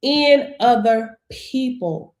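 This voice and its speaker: A lively middle-aged woman hosts a motivational live stream, preaching with lots of laughs and repeated callouts to her viewers. Her voice sits a little high for a woman. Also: very slow. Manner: animated, preachy, laughs often, calls out "hello?" and "right?". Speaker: online business coach.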